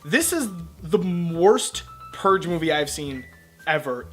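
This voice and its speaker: A man's voice: on the high side, big pitch swings, slow, a bit bright, soft background music. A man giving blunt, sarcastic movie reviews in a ranting countdown style, often exasperated.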